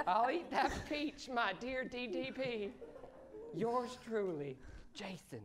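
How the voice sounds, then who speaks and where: A woman's voice: on the high side, big pitch swings, slow pace. A woman improvising a lovestruck man who reads his rambling love letter aloud on a live comedy stage. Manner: rambling, earnest, breaks into laughter. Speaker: improv performer. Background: live music underscore.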